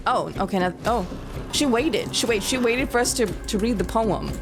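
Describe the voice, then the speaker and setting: A woman's voice: on the high side, normal speed, over music. A young woman streaming a horror game, exasperated and sarcastic, talking to her chat. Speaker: gaming streamer. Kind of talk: let's-play commentary.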